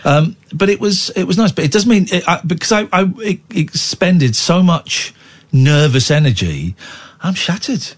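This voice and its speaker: A man's voice: sits high, lively intonation, moderate pace, slightly rough. A man in his forties hosting a late-night radio talk show, rambling and playfully teasing his co-host and callers. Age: 40s.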